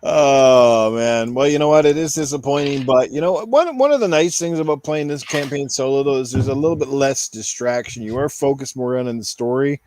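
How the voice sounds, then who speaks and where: A man's voice: medium pitch, a little fast, hardly any pauses, darkish tone, a little hiss or hum. A man hosting a casual gaming podcast in an easygoing way, reading out chat comments. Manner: easygoing, reads chat aloud. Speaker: podcast host.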